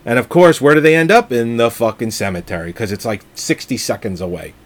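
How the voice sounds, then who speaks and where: A man's voice: mid-range voice, brisk. A man in casual, profane chat, rambling as he retells a film scene by scene.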